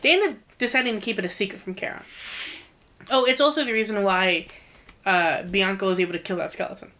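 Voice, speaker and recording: A woman co-hosting a casual book-discussion podcast, recapping the story in a rapid, profane, animated way. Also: mid-range voice. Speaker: podcast co-host.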